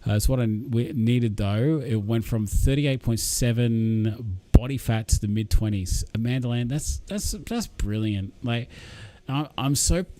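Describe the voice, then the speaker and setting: A man's voice: medium pitch, a little slow, mellow, no echo. A man hosting a casual livestream, reading viewer comments aloud and cheering viewers on. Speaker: livestream host. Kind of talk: casual live-chat stream.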